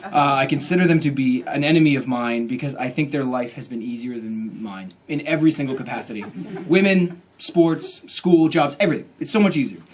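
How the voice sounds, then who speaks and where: A man in his thirties telling a comic story to an audience at a book event, animated and self-mocking, acting out his own inner voice. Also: medium pitch, a little fast, slight background noise.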